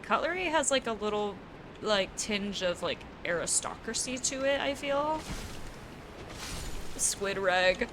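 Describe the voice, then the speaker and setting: Gaming while she chats casually with her stream, a young American woman with an East Coast accent laughs a lot and swears offhandedly. Her mid-range voice is lively in intonation but slow, with frequent pauses, and there's background noise.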